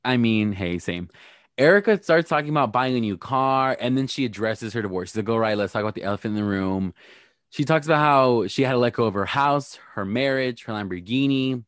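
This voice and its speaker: A man in a casual podcast chat, gossipy and blunt, throwing playful shade as he recaps. His voice sits at an ordinary middle pitch, recorded close and dry with no room sound. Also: expressive, brisk, a bit bright, dry recording. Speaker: podcast co-host recapping reality TV.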